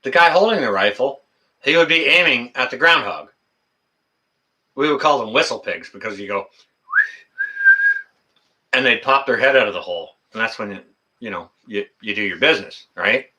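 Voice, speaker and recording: A man's voice: mid-range voice, lively intonation, moderate pace, pauses often, sharp tone. A middle-aged man hosting a casual livestream, reading the chat in a folksy way, with lots of fillers and laughter.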